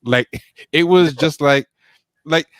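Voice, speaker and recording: A man's voice: fairly high pitch, slow pace, no room sound. A man co-hosting a casual livestream discussion, reading quotes aloud and reacting with lots of fillers. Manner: animated, reads quotes aloud, many fillers. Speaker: podcast co-host.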